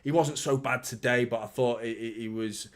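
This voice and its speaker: A man's voice: medium pitch, fairly even intonation, moderate pace. A young man hosts a live football fan reaction, passionate and blunt, with plenty of swearing. He riffs on the match and answers viewers' chat messages as they come in. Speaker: football fan channel host.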